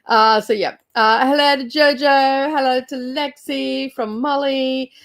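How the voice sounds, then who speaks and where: A woman's voice: high-pitched, fairly even intonation, a little slow, vocal fry, a bit bright. A young woman hosting a book club livestream, chatting casually, giggling often and greeting viewers by name.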